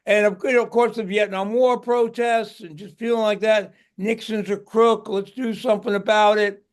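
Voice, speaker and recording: A man's voice: sits high, flat delivery, moderate pace. An older man, a guest musician, tells stories in a casual interview, rambling and restarting his words.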